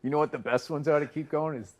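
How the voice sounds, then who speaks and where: A man's voice: a little high, steady tone, fast. A man co-hosting a podcast, telling stories in casual chat and acting out both sides of the conversations. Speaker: podcast co-host.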